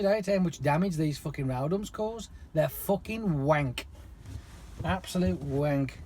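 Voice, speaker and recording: A man, swearing constantly as he rants through an animated story to his vlog viewers. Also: on the high side, a little hiss or hum. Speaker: lorry driver vlogger. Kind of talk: casual rant to camera.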